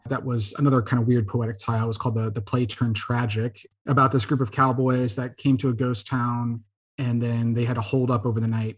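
A man, a podcast guest filmmaker, telling lively anecdotes in a casual interview. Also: medium pitch, slightly rough.

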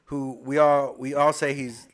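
A young man, a podcast guest, telling profane, animated comedic stories in casual chat. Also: medium pitch, measured pace.

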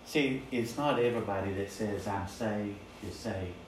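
A man preaches in a slow, emphatic rhythm, stacking repeated phrases. His lowish voice rings through a very echoey church. He sounds set back from the microphone, with faint room hum behind him. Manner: emphatic, repetitive preaching cadence. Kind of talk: sermon. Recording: very echoey, distant mic.

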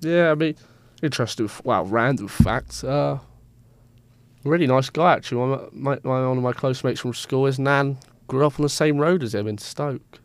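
Bloke on a sports podcast, rambly, trips over names, dry close sound. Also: male voice, mid-range voice, normal speed, smooth, no echo. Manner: rambling, stumbles over names, self-mocking. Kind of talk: casual sports chat.

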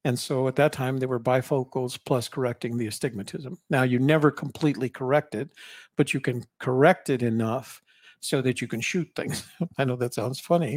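A man's voice: medium pitch, dry recording, studio quality. An older man, a podcast co-host, telling rambling personal stories in casual conversation, with frequent restarts and fillers.

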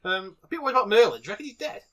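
Bright, jokey man hosting. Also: high-pitched, very fast. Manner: playful, jokey, bursts of loud excitement. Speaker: podcast host. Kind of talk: improvised comedy podcast chat.

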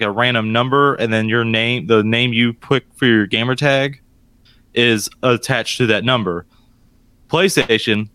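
A man's voice: mid-range voice, sharp tone, clean tone, dry recording. A man co-hosting a podcast in casual chat, profane and blustery, talking into a handheld mic. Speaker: podcast co-host.

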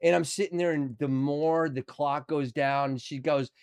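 A man's voice: on the high side, a little slow, clean tone, dry recording, clean studio sound. A middle-aged man, an actor telling a story as a podcast guest in casual conversation, acting out what people said and swearing freely. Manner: animated, acts out quotes with swearing.

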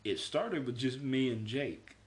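A man's voice: mid-range voice, animated, unhurried. A man in his twenties casually telling a story, often laughing as he reads out messages. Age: 20s. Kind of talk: casual chat.

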